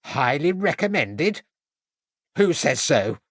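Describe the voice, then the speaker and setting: A man voicing a loud, formidable, buxom middle-aged landlady who booms and gives orders. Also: expressive, a little slow, no room sound, studio quality. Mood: bossy. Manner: booming, bossy, dismissive.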